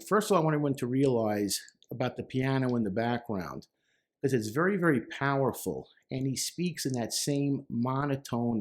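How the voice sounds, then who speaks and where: A middle-aged man talks earnestly as a therapist, breaking down lyrics line by line. His voice sits at a middle pitch, and he leans into quoted lines with rising emphasis. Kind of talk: explanatory talk to camera.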